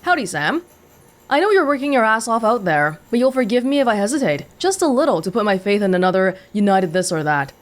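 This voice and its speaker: A folksy old game porter, distrustful, plainspoken drawl. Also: male voice, sits high, very animated, brisk, a bit bright, faint music behind. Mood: wary. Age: older. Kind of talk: video game dialogue.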